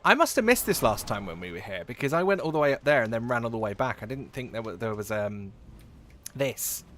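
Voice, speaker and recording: A man's voice: mid-range voice, very animated, brisk, a bit bright, a little hiss or hum. A man chatting casually while live-streaming a game, giggling often and trailing off into fillers.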